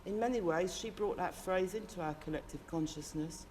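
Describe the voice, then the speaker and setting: Speaking at a moderate pace in a lowish, darkish, natural voice, a woman performs a comic character monologue to camera. Her character is a sweary, brash working-class Londoner who rambles passionately in a London accent, ranting throughout. There's slight background noise.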